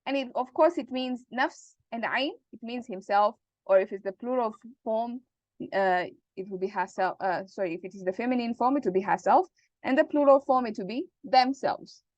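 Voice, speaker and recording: A woman teaching Arabic grammar in an online class, explaining slowly and checking that students follow. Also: on the high side, darkish tone, no room sound, lo-fi sound. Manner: patient, repeats points and checks understanding.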